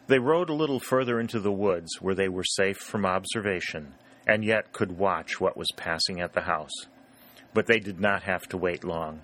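Narrator: man, lowish voice, steady even reading of a historical novel. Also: moderate pace. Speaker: audiobook narrator. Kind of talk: scripted narration.

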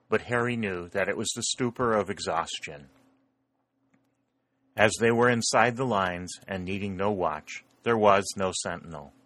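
A man reading a historical novel aloud as an audiobook narrator, in a measured storytelling delivery. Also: sits low, pushed and bright, no room sound.

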